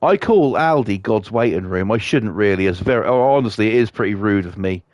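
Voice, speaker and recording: A man's voice: lowish voice, expressive, a little fast, darkish tone, no room sound, clean studio sound. A man with a Norfolk accent, chatting casually and swearing freely as he streams a game and tells rambling stories. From Norfolk, England. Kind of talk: casual chat while playing.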